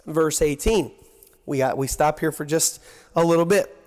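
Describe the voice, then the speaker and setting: A man preaching a sermon, earnest, swinging between hushed asides and excited emphasis. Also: fairly high pitch, normal speed.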